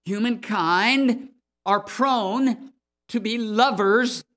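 Slow, emphatic male preacher. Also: high voice, a bit bright. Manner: slow, emphatic, rising in force on key words. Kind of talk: sermon with Bible reading.

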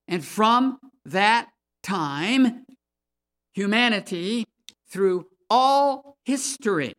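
A man preaching a sermon and reading scripture aloud, slow and emphatic, rising in force on key words. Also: sits high, fairly bright tone.

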